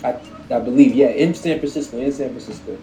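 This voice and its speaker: A man co-hosting a sports podcast in casual chat, animated and profane, laughing at his own points. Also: medium pitch, a little fast, soft background music. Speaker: podcast co-host. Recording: echoey room.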